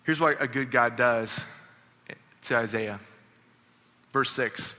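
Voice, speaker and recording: A man preaching a sermon, telling a story earnestly and dropping to a hush on key lines. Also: medium pitch, takes it slowly, long pauses. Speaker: pastor. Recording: long reverb of a large hall.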